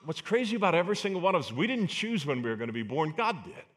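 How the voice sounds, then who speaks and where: A man's voice: on the high side, sing-song, quick pace, a bit bright. A man preaching a sermon as pastor, earnest and emphatic, asking the congregation rhetorical questions.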